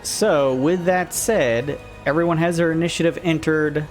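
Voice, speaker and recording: A man acting as game master, narrating a tabletop game in a relaxed, rambling way with plenty of fillers. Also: on the high side, unhurried, faint music behind.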